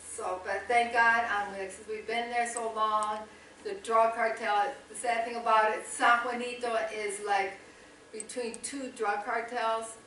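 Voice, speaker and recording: Woman missionary talking at church, bright voice, big echo, mic pretty far off. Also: fairly high pitch, flat delivery, unhurried, slight background noise. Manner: chatty, laughing, folksy asides. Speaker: missionary speaker. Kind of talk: church talk. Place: church sanctuary.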